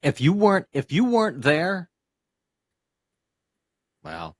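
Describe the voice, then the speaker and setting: A man's voice: on the high side, wildly swooping pitch, slow pace, no echo, studio quality. A man hosting a casual podcast interview, affirming his guest and summing up his point. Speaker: podcast host.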